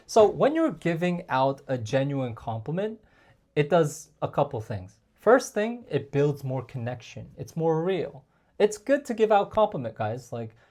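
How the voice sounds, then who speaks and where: A man coaching male viewers on dating in a casual, chatty talk to camera, often calling them guys and filling pauses with like and um. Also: on the high side, a little mellow. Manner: chatty, addresses viewers as guys, frequent fillers.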